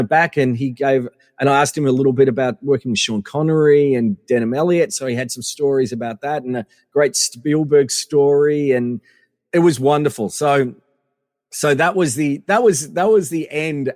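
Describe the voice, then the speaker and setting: A man's voice: medium pitch, no echo, studio quality, in a large hall. Chatty Australian man telling stories. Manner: animated anecdotes with many fillers and restarts. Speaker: podcast guest. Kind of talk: casual storytelling interview.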